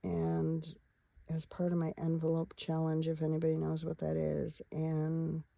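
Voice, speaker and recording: Her voice is deep and creaky, and she's clearly worn out, yawning while she chats aimlessly to her audience. This middle-aged woman is filming a casual vlog in her parked van at night, with lo-fi sound and no room reverb.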